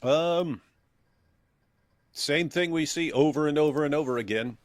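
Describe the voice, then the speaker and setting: A man's voice: on the high side, unhurried, no echo, clean studio sound. A man co-hosting an opinionated commentary chat, talking animatedly and mocking others in quoted voices. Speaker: co-host.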